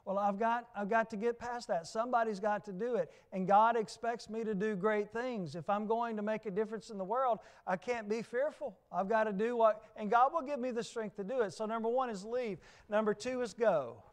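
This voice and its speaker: With a Southern US accent and a voice pitched notably high for a man, this preacher moves fairly quickly and barely pauses. He hammers his points home through repeated phrases and questions to the congregation, keeping a steady sermon rhythm.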